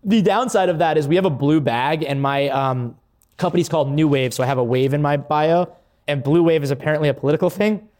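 A man who founded a coffee company, a podcast guest chatting casually, excitable and swearing freely. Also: a little high, a little fast.

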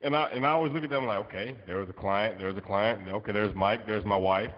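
A man's voice: fairly low pitch, quick pace. A man co-hosting a podcast in casual chat, talking loosely with many fillers. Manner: conversational, with many fillers like "you know". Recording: dull recording with long reverb.

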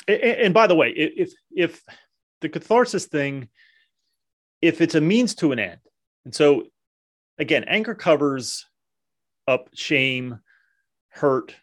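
A man in an unscripted monologue, blunt and earnest, swearing often and restarting his sentences, owning that he is no expert. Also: mid-range voice. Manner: earnest, self-deprecating. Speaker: men's self-help vlogger.

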